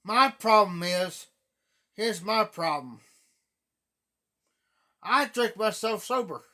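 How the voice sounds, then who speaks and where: A man with an Ohio accent telling rambling stories on a live stream, repeating himself and often clearing his throat. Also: sits high, lively intonation, slow, bright, forceful tone. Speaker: livestream host. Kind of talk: casual storytelling chat. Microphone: phone or webcam on a live stream.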